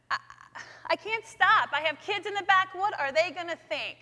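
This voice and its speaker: A woman speaking in a chapel, sharing a personal faith story with lively storytelling in which she acts out her own thoughts. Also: very high-pitched, fairly quick. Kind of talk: personal testimony talk. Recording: long echoey hall reverb.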